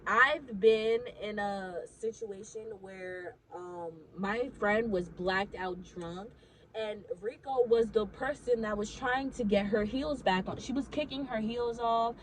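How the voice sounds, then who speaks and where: A woman's voice: mid-range voice, takes it slowly, a little hiss or hum, rough recording. A young woman telling a casual story to her vlog audience. She talks animatedly, swears freely and fills her sentences with "like".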